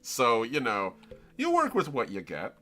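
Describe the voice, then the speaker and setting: Lively bright-voiced Floridian man. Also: mid-range voice, a little slow. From Florida, United States. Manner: rambling, self-interrupting, explains as he draws. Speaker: artist streaming a live drawing session. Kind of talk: casual live-stream chat while drawing.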